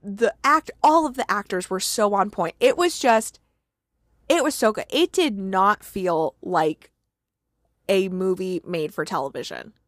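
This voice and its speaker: A woman hosting a podcast, excitedly retelling movie scenes in a casual, gushing chat full of "like" and laughter. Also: mid-range voice, unhurried, no room sound, studio quality. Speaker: podcast host recapping movies.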